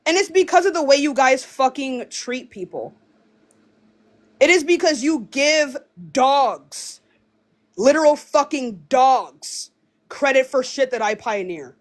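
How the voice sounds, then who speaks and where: A woman's voice: high-pitched, lively intonation, slow pace. A young woman livestreaming, ranting angrily and hurling profane insults at her viewers. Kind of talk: live-stream rant.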